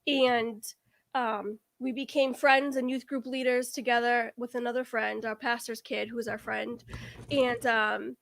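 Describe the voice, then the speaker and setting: A woman's voice: a little high, little pitch movement, a little slow, vocal fry, fairly bright tone, dry recording. A woman guest on a casual game-show chat, telling a long, winding story. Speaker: guest contestant.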